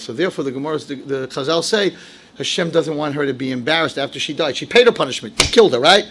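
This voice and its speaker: A man giving a sermon as a rabbi, animated, dropping into low asides and rising into shouted, acted-out quotes. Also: quick pace, slight background noise. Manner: animated, swings from low asides to shouted high-pitched outbursts, acts out quotes. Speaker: rabbi giving a Torah lecture.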